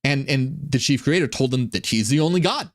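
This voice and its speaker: A man talks through ancient religious texts in a loose, irreverent commentary, often restarting his sentences. His pitch swoops widely as he gets excited, around a mid-range speaking voice. He sounds like a casual online explainer. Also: a little fast. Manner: animated, irreverent, stumbling restarts.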